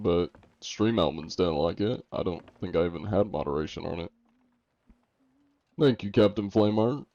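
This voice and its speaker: A man's voice: fairly low pitch, dark tone, no echo. A young American man streaming a game, reading chat aloud and answering it with jokes. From United States. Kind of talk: casual livestream chat. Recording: dull lo-fi stream audio.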